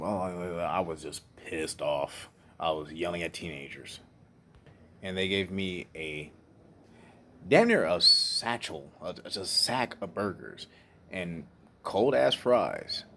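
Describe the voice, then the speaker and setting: Deep-voiced man telling his story. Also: fairly bright tone, slight background noise. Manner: emotional, candid, profane, trails off and restarts. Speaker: speaker sharing life story. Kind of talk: personal storytelling monologue.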